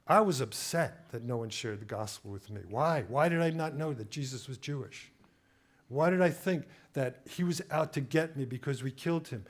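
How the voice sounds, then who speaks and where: A middle-aged man preaching as a guest speaker, telling his story with animated, acted-out quotes. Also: mid-range voice, moderate pace. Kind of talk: sermon.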